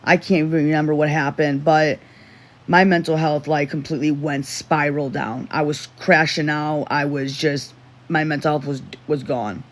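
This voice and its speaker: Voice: mid-range voice, steady tone, moderate pace. A livestream host telling a personal story in casual chat, rambling with restarts and asides while reading the chat aloud. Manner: rambling, with self-interruptions and restarts.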